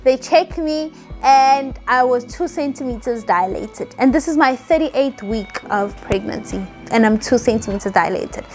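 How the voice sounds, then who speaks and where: A young South African woman telling a personal story in a chatty, animated way and acting out the voices she quotes. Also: a little high, moderate pace, hardly any pauses, faint music behind. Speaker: vlogger. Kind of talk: casual storytelling.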